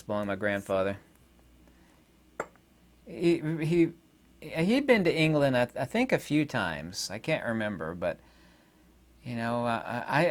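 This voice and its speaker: Indignant rambling American man. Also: mid-range voice. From United States. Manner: indignant, rambling, with sarcastic asides. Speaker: commentator. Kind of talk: casual political monologue.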